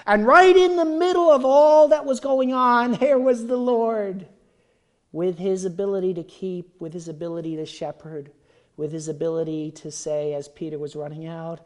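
A preacher in full flow, addressing the congregation with dramatic swings in volume. Loud, urgent pleas give way to hushed, intimate asides. The voice sits at an ordinary middle pitch. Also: measured pace. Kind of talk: sermon.

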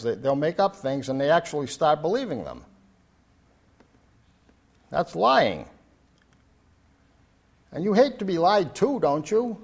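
A man's voice: medium pitch, creaky, husky. An older man preaching a sermon in an earnest, repetitive way, building to emphatic declarations.

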